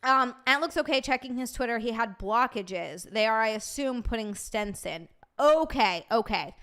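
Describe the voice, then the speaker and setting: A woman's voice: on the high side, animated, normal speed, fairly bright tone. Profane chatty woman streamer. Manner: profane, laughing, reacting to chat. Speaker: livestream host reading chat. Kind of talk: casual livestream chat.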